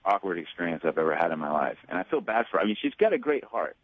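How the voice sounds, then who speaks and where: A man calling in to a radio show, talking haltingly with many restarts. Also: low voice, sing-song, no echo, narrow, tinny audio. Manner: halting, hesitant, lots of restarts. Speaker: caller. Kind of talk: casual radio phone call.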